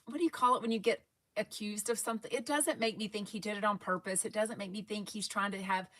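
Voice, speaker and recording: A woman's voice: medium pitch, fairly even intonation, quick pace, fairly bright tone. A woman with a Texan accent hosting a casual fan livestream, rambling and reading viewers' comments aloud. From Texas. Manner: chatty, rambling, reads live comments aloud. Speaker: fan podcast host.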